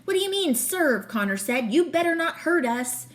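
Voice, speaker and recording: A woman's voice: high voice, very animated, normal speed, voice pushed up. A woman reading aloud as a worried, argumentative young boy, one of twins. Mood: frightened. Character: anxious young boy, twin brother.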